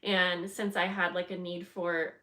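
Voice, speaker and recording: A woman's voice: lowish voice, little pitch movement, measured pace, sharp tone. Chatty woman rambling while crafting. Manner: rambling, chatty, many fillers and restarts; friendly, greets viewers by name. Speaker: craft channel host. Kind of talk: casual livestream chat while crafting.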